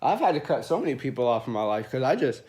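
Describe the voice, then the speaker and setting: A man venting in a rambling, profane monologue to camera from a small room, swinging between loud rants and low mumbling. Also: very animated, quick pace.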